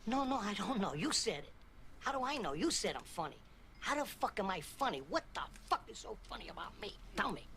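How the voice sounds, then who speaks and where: An actor playing a volatile, swaggering mobster who curses constantly, in a film scene. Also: male voice, high voice, sing-song, gravelly, pushed and bright, exaggerated voice. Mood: menacing. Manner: profane, quick-tempered, swings from jokey to menacing. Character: volatile, swaggering male mobster, middle-aged. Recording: noisy film audio played back.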